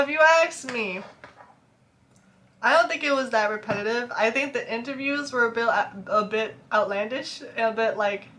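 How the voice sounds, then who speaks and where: Young woman, book vlogger; chatty, laughs a lot, bright tense voice with a slightly high pitch, light background hiss. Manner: chatty, laughs often, animated. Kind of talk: casual chat reacting to reviews.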